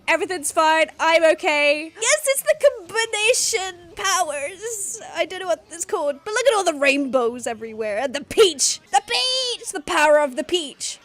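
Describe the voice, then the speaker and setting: A young woman hosting a casual reaction video, excitable, gasping, laughing and swearing as she talks. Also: high-pitched. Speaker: host reacting to a TV show.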